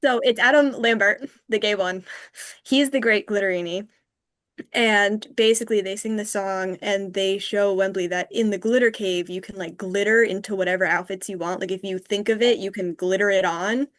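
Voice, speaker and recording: A woman's voice: medium pitch, steady tone, normal speed. A woman hosting a podcast, recapping an episode in casual chat, full of likes and ums. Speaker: podcast host.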